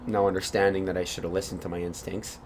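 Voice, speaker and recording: A man's voice: low voice, level tone, fast talker, a little mellow, a little hiss or hum. A young man co-hosting a casual podcast, telling a rambling story with swearing and laughs. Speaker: podcast co-host. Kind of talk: casual chat.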